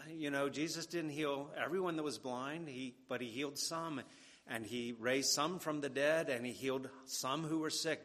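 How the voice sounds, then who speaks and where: A male preacher delivers a sermon at an unhurried, measured pace, leaning on repetition for emphasis. His voice sits at a middle pitch, and a long reverb from the church hall trails every phrase. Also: fairly bright tone. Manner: slow and deliberate, with emphatic repetition.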